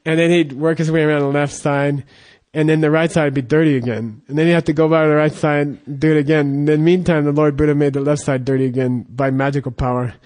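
A male Buddhist monk telling a teaching story in a loose, rambling way, full of fillers and restarts. His voice sits a bit high for a man, and he chats more than he preaches. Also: fairly even intonation, darkish tone. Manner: rambling, halting, with fillers and laughs.

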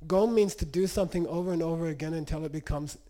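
A man leading a meditation lesson. He talks in a conversational way, often checking in with his listeners. His voice sits a little high but has a warm, mellow tone. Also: fast. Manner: conversational, checks in with "okay?" and "you know". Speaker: meditation teacher. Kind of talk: storytelling lesson.

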